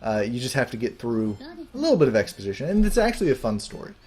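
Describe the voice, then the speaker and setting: A man's voice: medium pitch, big pitch swings, quick pace, darkish tone, husky. Hyped, jokey man playing games. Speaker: video game let's player. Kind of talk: casual gameplay commentary.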